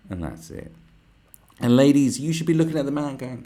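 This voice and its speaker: A man hosting a podcast, delivering a profane, animated ranting monologue and mocking other people's voices. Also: mid-range voice, a little fast. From United Kingdom. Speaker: podcast host.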